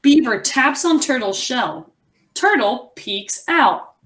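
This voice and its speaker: Expressive young woman teacher. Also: sits high, slow. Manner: encouraging, expressive read-aloud. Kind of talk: online class reading lesson.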